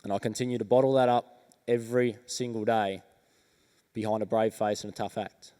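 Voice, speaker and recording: An Australian man giving a keynote talk on stage, his voice smooth and resonant as he tells his story slowly and earnestly, with deliberate pauses. The sound rings out with a long reverb from a large event hall. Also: fairly low pitch, fairly even intonation, mellow. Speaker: motivational speaker. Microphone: stage microphone.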